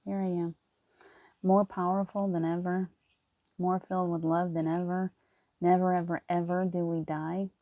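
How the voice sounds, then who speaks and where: A woman giving gentle spiritual encouragement in casual live talk, rambling with restarts and often near tears. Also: on the low side, little pitch movement, normal speed, no room sound, highs cut off. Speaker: spiritual reader.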